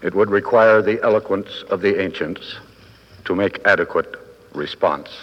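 Man, 50s, formal speech, dry wit, measured pauses, long ballroom reverb, dull old broadcast sound. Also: deep voice. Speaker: guest speaker at a convention. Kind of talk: formal after-dinner speech. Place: large hotel ballroom.

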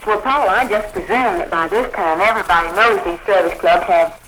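A woman interviewing a guest on a scripted 1940s radio broadcast, asking lively, bantering questions. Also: mid-range voice, normal speed, slight background noise, low-quality recording.

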